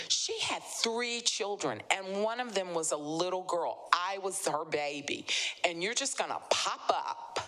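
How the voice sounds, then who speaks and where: Low-voiced slow-talking woman storyteller. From American South. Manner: animated, acts out quoted voices. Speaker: author guest. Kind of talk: conversational storytelling. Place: live literary event.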